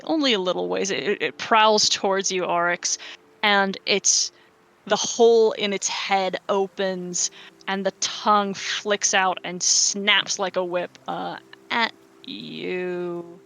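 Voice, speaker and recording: A woman runs a tabletop game at an unhurried pace, her tone bright and forward. She narrates haltingly, stopping to correct herself and filling gaps with "uh" and "um.". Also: mid-range voice, creaky, poor audio. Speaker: game master.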